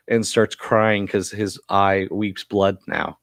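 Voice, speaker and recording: Guy with a cough rambling thru an episode recap, kinda low voice, dry sound. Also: steady tone, slow pace, gravelly, dry recording. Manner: rambling with many fillers. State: has a cough. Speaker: TV episode reviewer.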